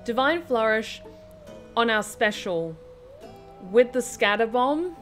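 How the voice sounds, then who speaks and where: A woman streaming a video game, chattily thinking aloud and reacting excitedly. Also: a little high, slow, soft background music. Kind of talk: live game commentary.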